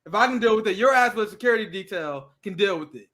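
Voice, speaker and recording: Young male podcast host, high bright voice, swearing and mocking in loose banter. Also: animated, quick pace. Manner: profane, ranting, mocking impressions. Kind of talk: casual chat.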